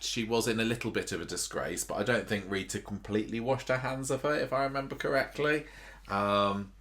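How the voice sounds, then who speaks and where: A man's voice: mid-range voice, a bit bright. A man co-hosting a casual podcast chat about a soap opera, who quizzes his co-host and laughs often.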